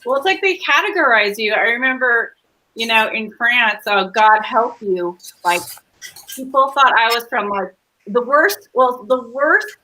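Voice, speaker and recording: A woman co-hosting a casual online cooking chat, talking in an animated way and laughing easily. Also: fairly high pitch, a little slow, slight background noise, low-quality recording. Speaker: co-host.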